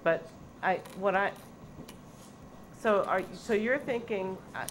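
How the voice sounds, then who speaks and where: Woman objecting in a noisy meeting. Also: mid-range voice. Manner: questioning, quick to object. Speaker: board member. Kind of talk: public meeting debate. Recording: noisy meeting room recording.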